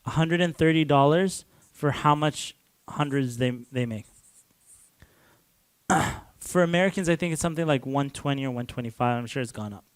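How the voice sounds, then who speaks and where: A man's voice: fairly high pitch, moderate pace, smooth, no echo. A man from Canada giving a casual lecture to a class, talking loosely with lots of "like" and restarts and chuckling often.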